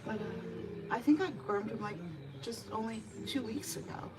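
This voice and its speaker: A woman's voice: a little high, normal speed. A woman cat groomer chatting casually and talking to the cat as she works in a grooming salon. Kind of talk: casual chat while grooming. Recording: distant mic with steady background noise.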